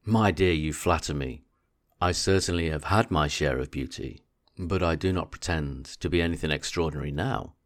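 Man doing an excitable, insistent mother. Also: normal speed. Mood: eager, insistent. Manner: eager, insistent, raised pitch. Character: excitable chattering middle-aged mother, woman.

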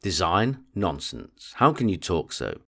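Man doing an excitable, insistent mother. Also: measured pace, vocal fry, exaggerated voice. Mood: eager, insistent. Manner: eager, insistent, raised pitch. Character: excitable chattering middle-aged mother, woman.

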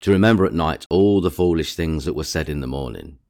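A man reading an easygoing young gentleman, deep-voiced. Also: a little fast. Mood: genial. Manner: genial, protesting lightly.

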